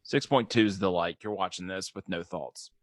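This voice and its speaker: A man's voice: low-pitched, moderate pace, no room sound. Joking young man, dry close sound. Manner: joking, animated. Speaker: podcast guest. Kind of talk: casual chat.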